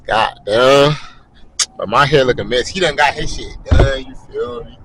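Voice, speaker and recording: A man's voice: mid-range voice, a little slow, low-quality recording. A young man casually telling stories and chatting in a vlog, profane and full of slang. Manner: profane, animated slang-heavy talk. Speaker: vlogger.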